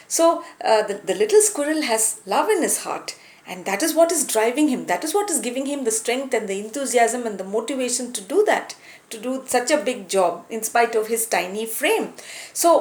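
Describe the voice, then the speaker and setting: A woman's voice: a little high, lively intonation, moderate pace. Woman telling a moral tale. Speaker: storyteller, teacher. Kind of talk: storytelling lesson. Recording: roomy echo.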